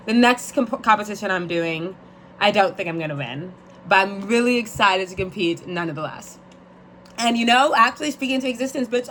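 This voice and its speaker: A woman's voice: medium pitch, a bit bright, slight background noise. Sassy young woman chatting casually. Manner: sassy, rambling, joking. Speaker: vlogger. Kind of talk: casual chat.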